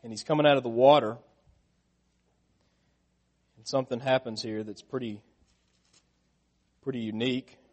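A middle-aged man preaching a sermon, asking the listeners questions and getting louder and higher when he stresses a point. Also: fairly even intonation, moderate pace, pauses often.

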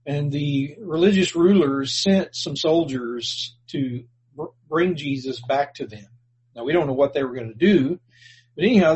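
A man delivers a sermon in an earnest, plainspoken manner, pausing and restarting words as he explains scripture. His voice sits fairly high for a man and is very breathy and husky throughout. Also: darkish tone, rough recording. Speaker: preacher.

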